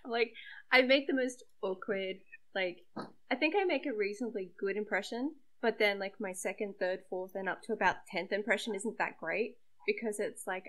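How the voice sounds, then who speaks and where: A woman's voice: mid-range voice, fairly quick, a bit bright, low-quality recording. Young woman, casual podcast guest-regular, chatty and self-deprecating, mid-range voice. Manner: chatty and self-deprecating, many fillers and laughs. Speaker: webcomic creator and site regular.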